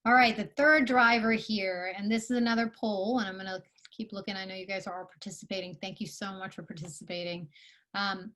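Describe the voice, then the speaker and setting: A woman's voice: medium pitch, fairly even intonation, moderate pace, a bit bright. A woman giving a live online workshop talk to founders, earnest and coaching, with many fillers and restarts. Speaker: conference speaker.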